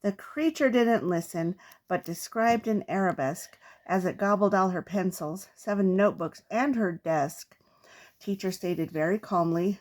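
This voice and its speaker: An older woman, a grandmother, reading children's poems aloud in a playful, expressive way. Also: mid-range voice, normal speed. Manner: playful, expressive read-aloud with comic trailing-off.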